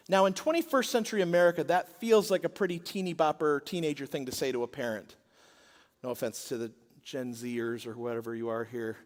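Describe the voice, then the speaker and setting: A man with a high voice preaches to a congregation, telling the story with dramatic swings between quiet, intimate asides and loud, acted-out quotes. His voice rings through a large church auditorium with a long reverb. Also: a little fast. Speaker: pastor. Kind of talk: sermon.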